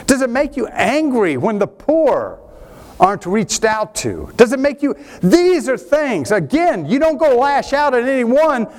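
A man preaching a sermon, animated, swinging between emphatic and quieter passages. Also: very high voice, measured pace. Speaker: pastor.

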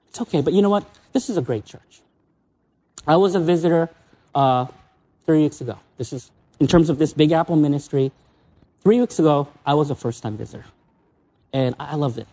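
A visiting preacher gives an emotional, personal sermon in a church. He swings between excited highs and soft, low asides.

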